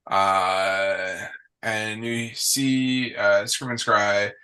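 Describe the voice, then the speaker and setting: A man narrates a tabletop game as its game master. He takes his time, with plenty of ums and uhs. His voice is low-pitched and bright, with a forceful ring. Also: clear, resonant tone. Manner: slow and relaxed, with many fillers.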